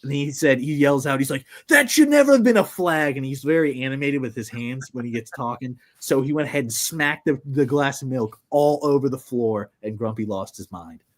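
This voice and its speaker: A young man co-hosting a podcast, telling a long story in a rambling, animated way with lots of fillers. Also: medium pitch, brisk, hardly any pauses. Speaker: podcast co-host. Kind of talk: casual storytelling chat.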